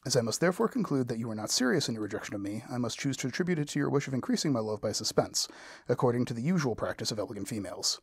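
A man reading the lines of a pompous, self-satisfied male clergyman proposing marriage, in a husky voice. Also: mid-range voice, expressive, racing, dry recording. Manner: long-winded formal proposal, read aloud.

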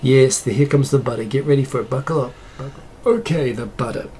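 A man's voice: mid-range voice, fast, background noise. A man from New Zealand hosting a live stream, ranting casually in a rambling, sarcastic, exasperated way.

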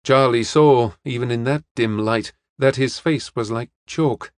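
A man's voice: medium pitch, measured pace, no echo. Male audiobook narrator, dry close sound.

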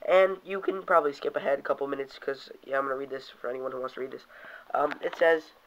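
A man's voice: mid-range voice, steady tone, fast talker, fairly bright tone, slight background noise. A young man casually reviewing toys, rambling and cursing now and then, reading comic panels aloud in put-on voices. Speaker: toy reviewer. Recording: dull lo-fi home video audio.

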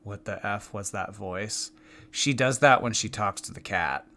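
A man's voice: on the low side, a little slow, bright, forceful tone. A man giving sarcastic reaction commentary, mocking what he watches. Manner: snarky, mocking.

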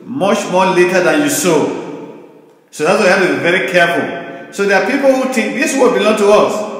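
An older man preaching a sermon as pastor, in an emphatic, repetitive cadence with slow, stressed phrases. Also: high-pitched, fairly bright tone. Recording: very echoey hall with long reverb.

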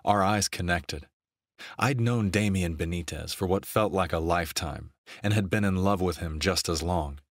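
Deep-voiced male audiobook narrator. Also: no echo, clean studio sound. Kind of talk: scripted romance narration.

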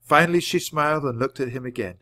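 A man reading a children's book aloud at a clear, measured pace. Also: mid-range voice, pushed and bright, no echo. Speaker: storybook reader.

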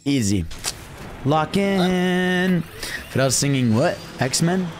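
A man's voice: on the high side, expressive, slow pace, faint music behind. A young man streaming a game from his room, chatting casually, humming tunes and cheering himself on. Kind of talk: casual gameplay commentary.

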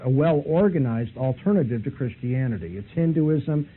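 Man lecturing over a tinny line. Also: medium pitch. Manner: emphatic, argumentative storytelling. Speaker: seminary lecturer. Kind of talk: apologetics lecture with retold dialogue. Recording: tinny phone-like lo-fi recording with faint hiss.

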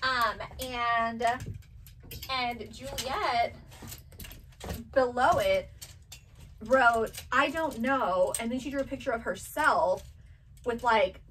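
Slightly high with a fairly bright tone, this woman's voice comes through roughly, far from the mic and with some hiss or hum. In her thirties, she sells vintage boxes and is a mother, and in this casual chat she rambles through family anecdotes, doing her kids' voices.

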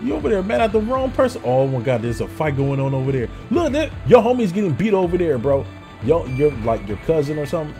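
A young man with a slightly high voice that leaps all over the place as he streams a game. He argues loudly with the characters on screen in casual, profane slang, and faint game music plays behind him. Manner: loud, animated, talks to game characters; casual slang, frequent swearing. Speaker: gameplay streamer. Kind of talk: excited gameplay commentary.

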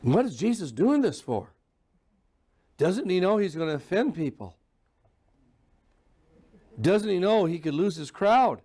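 A man delivering a sermon in a church, with a somewhat high voice for a man. He preaches emphatically, leaning into sarcasm and mocking voices to make his point. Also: big pitch swings, a little slow, pauses often, warm tone. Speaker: pastor.

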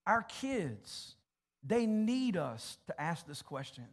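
A man's voice: high-pitched, big pitch swings, takes it slowly. A pastor preaching a sermon to his church congregation, emphatic and direct, often repeating words as he addresses families. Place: church auditorium.

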